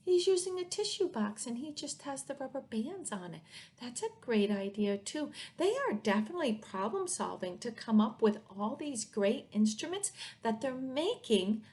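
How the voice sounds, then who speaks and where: A woman's voice: on the high side, big pitch swings, moderate pace, darkish tone. A woman teacher reading a picture book aloud to young children, sing-song and playful with the sound words.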